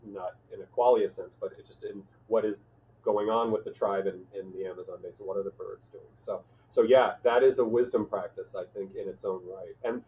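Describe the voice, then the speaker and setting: A male podcast host talking in a thoughtful, halting way, with many fillers and restarts. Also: fairly low pitch. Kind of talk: reflective conversational chat. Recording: tinny phone-like line.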